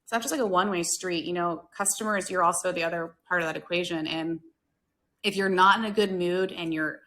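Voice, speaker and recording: A woman's voice: on the low side, fairly even intonation, a little fast, fairly bright tone. An American woman hosting a hospitality talk show, speaking earnestly and chattily with lots of fillers. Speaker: podcast host, hospitality worker. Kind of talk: casual talk-show chat.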